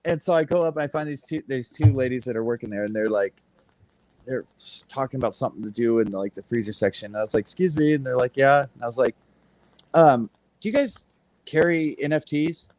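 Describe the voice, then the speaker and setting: A man's voice: medium pitch, quick pace, a little mellow. A man chatting casually on a livestream, rambling through a story with frequent laughs and acted-out quotes. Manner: rambling, laughs often, acts out quoted voices. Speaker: guest on a crypto livestream.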